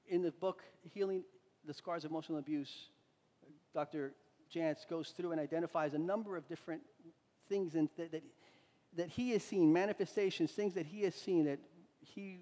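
A man's voice: a little high, mellow, big-room sound. A man preaching a sermon, retelling a story in a conversational way with frequent restarts.

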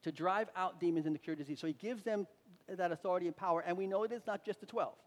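A man preaching a sermon as a pastor, swinging between loud emphatic lines and quiet asides. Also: sits high, fast. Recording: reverberant hall.

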